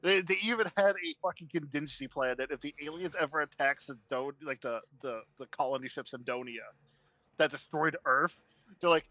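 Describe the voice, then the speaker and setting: Male co-host, slightly raised pitch, crisp bright tone, loose profane banter with restarts. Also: fairly quick, no echo, muffled recording. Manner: profane, laughs often, stumbles and repeats words. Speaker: podcast co-host. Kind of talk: casual chat.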